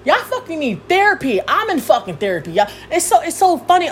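Heated high-pitched young woman ranting. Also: very animated, a little fast, hardly any pauses, slight background noise. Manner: heated, cursing freely, yelling at times. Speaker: podcast host. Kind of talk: profane rant.

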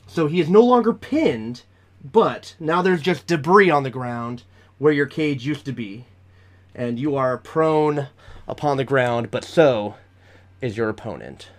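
A man's voice: medium pitch, lively intonation, unhurried. A man running a tabletop game as game master, narrating the action vividly and chatting with frequent fillers.

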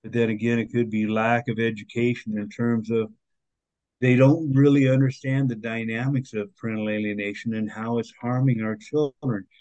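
A man's voice: medium pitch, level tone, normal speed, darkish tone, no room sound, muffled recording. A man guesting on a podcast, speaking earnestly and with some indignation, with many fillers in his speech. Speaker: podcast guest, author and activist. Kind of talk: conversational interview.

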